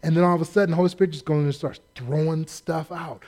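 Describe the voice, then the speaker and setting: Folksy, animated high-voiced male preacher. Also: fast, few pauses. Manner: folksy, animated, acts out quotes. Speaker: pastor. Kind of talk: sermon.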